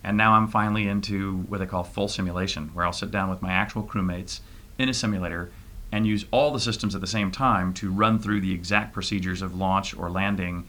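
A middle-aged man answering interview questions in a halting way, full of fillers and restarts. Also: low-pitched, steady tone, sharp tone. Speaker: interview guest, private spaceflight trainee.

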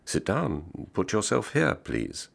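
Old Swiss porter, voiced by a male reader: polite, formal, low gravelly voice. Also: huge pitch swings, slow pace, full character voice. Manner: courteous, formal, slightly foreign-sounding English.

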